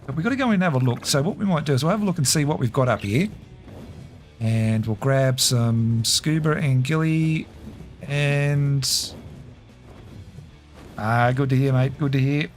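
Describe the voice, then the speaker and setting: A man's voice: mid-range voice, normal speed, pauses often, soft background music. A man casually commentating a game live, chatty and laughing easily while reading his chat. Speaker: game streamer.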